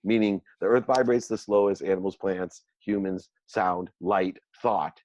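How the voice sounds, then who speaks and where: A man's voice: sits low, unhurried, no room sound. Middle-aged man telling his story, dull dry sound. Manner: animated, self-mocking storytelling, acts out quoted dialogue. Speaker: guest entrepreneur. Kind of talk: storytelling interview.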